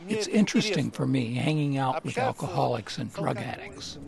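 A man reading a translated interview in the first person, in a plain, relaxed voice-over. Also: mid-range voice, normal speed, creaky. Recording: loud crowd noise behind.

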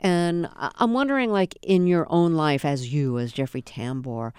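Interview host, super crisp voice, measured careful questions, dry close mic. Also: mid-range voice, darkish tone, no echo. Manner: measured, careful phrasing with fillers.

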